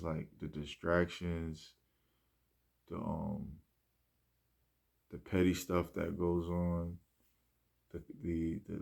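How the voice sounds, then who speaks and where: A man speaking in a rambling, reflective monologue, often restarting and trailing off softly. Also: low voice, vocal fry. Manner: rambling, many fillers and restarts; soft-spoken, trailing off. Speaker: musician speaking about his mindset.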